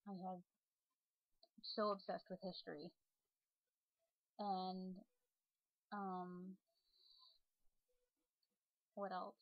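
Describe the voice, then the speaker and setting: A woman's voice: fairly low pitch, level tone, drawn-out words, long pauses, no echo. Chatty young woman, dull lo-fi webcam sound. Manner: chatty, many fillers and restarts. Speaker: vlogger and online role-player. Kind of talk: rambling casual monologue.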